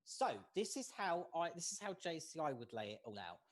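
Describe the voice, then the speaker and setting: Trainer running an online class over video call, steady and careful, keeps asking "okay?". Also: mid-range voice. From United States. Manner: measured, often checks in with "okay?". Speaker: workshop facilitator.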